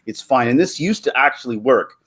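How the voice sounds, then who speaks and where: A young adult man hosting a casual chat, telling stories with lots of loud silly impressions. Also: medium pitch, fairly quick. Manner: animated storyteller, jumps into loud silly impressions. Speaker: host.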